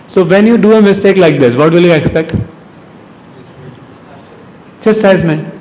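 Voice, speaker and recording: Teasing Indian English lecturer, higher voice. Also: male voice, moderate pace. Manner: lively, teasing, rhetorical questions, chuckles. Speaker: teacher of a devotional youth class. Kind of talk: devotional class lecture. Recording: long hall reverb, faint noise.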